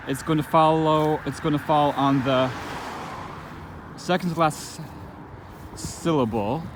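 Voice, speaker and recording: A man giving an informal spoken lesson, thinking aloud as he goes, with halting restarts and frequent fillers. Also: mid-range voice, background noise. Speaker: language teacher.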